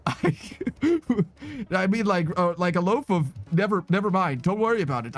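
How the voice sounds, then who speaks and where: Man, streamer, high voice, casual game commentary, profane, excitable. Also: unhurried, soft background music. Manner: profane, excitable, laughing asides.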